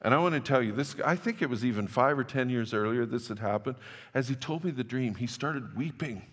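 A man's voice: medium pitch, a little fast, fairly bright tone. A man preaching a sermon as pastor, telling stories in a loose, conversational way with restarts. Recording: long church-hall reverb.

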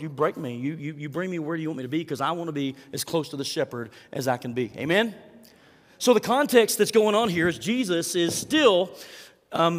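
A man's voice: on the high side, long reverb tail. A man preaching a sermon as pastor, earnest and conversational, with fillers and repeated words as he reads scripture and prays. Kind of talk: sermon with scripture reading and prayer.

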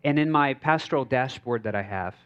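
Joking pastor preaching casually. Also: male voice, medium pitch, fairly quick, clean tone, highs cut off. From United States. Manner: casual and joking, with many fillers and checks on the crowd. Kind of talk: conversational sermon. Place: church stage.

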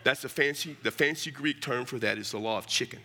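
A man's voice: medium pitch, brisk, sharp tone, some chatter behind, slight background noise. A middle-aged man preaching a storytelling sermon, folksy and humorous, often calling his listeners "man".

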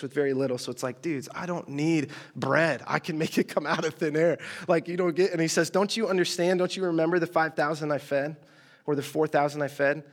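A man with a voice a little higher than most preaches in a loose, storytelling style. He talks to his listeners like friends, full of slang and side remarks. His tone stays chatty rather than formal. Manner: chatty and slangy, with asides and mock exasperation. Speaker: preacher teaching a group. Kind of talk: casual storytelling sermon.

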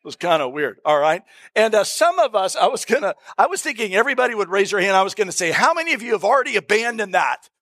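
A middle-aged pastor preaches to his congregation in a church service room, chatting and telling folksy stories with frequent fillers. His voice sits high and is fairly bright, very animated, and fast.

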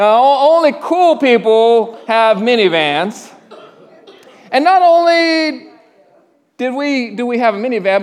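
A middle-aged pastor preaching a sermon, conversational, with frequent stammered restarts and questions to the congregation. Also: male voice, extremely high pitch. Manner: asks the congregation questions and pauses for answers.

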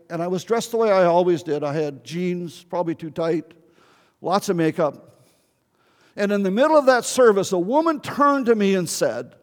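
An older man, a pastor telling a story in a sermon and pleading earnestly with his congregation. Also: high-pitched. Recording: long hall reverb.

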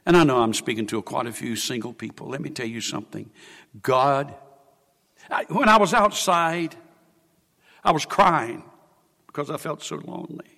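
A man preaching a sermon, swinging from hushed, emotional confession to loud exclamation. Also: medium pitch, moderate pace, gravelly, long pauses, long reverb tail.

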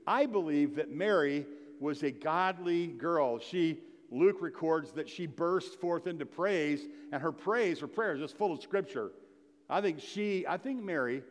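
The Christmas Eve sermon comes from a male pastor whose voice sits a little high. He talks casually, reads scripture with mounting emphasis, and questions the congregation, all within the lingering echo of a big hall.

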